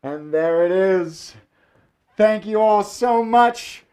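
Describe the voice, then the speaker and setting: A man's voice: high-pitched, slow, darkish tone, clean tone. A man hosting a live variety show from a room at home, joking through his fire tricks. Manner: jokey, playful, theatrical asides. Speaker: host and fire performer.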